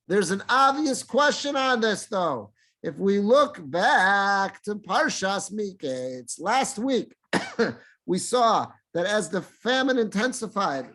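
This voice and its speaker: Rabbi, middle-aged, higher-pitched man, teaching a Torah class and acting out the quotes. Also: a bit bright. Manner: explains Hebrew verses in English, acting out speakers' lines.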